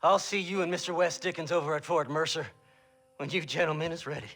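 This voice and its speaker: An actor playing a greedy, wild old grave robber with a creaky, cackling voice and crude manner. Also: male voice, a little high, steady tone, fast, fairly bright tone, lightly acted. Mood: grumbling. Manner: giddy, crude, mocking.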